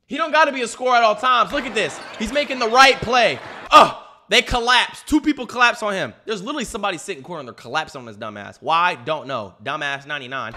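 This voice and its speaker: A man's voice: sits high, very animated, quick pace, bright, forceful tone, a little hiss or hum. A young man giving casual, profane reaction commentary, talking straight at the screen in slang as he watches a game. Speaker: YouTuber reacting to game footage.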